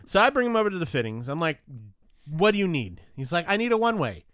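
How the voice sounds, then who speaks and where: Man, casual chat, bright and very lively voice, acts out every exchange, swears freely. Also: a little high, fast talker, dry recording. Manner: animated, profane storytelling with voiced retellings. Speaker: storyteller.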